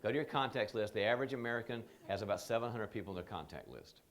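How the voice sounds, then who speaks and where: Lively low-voiced male seminar trainer. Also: racing. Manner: animated storytelling, acting out quoted people. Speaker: leadership trainer. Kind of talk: seminar talk.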